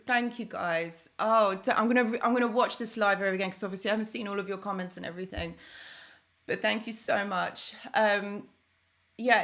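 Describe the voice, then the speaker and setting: A woman's voice: medium pitch, fairly bright tone. A young woman chatting on a live stream, thanking viewers by name as she talks. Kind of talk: casual live stream chat.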